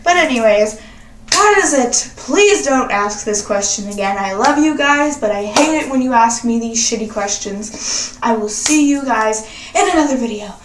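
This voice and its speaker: A woman's voice: a little high, normal speed, background noise. A young woman vlogging in a casual, sassy, profane chat. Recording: roomy echo, distant from mic.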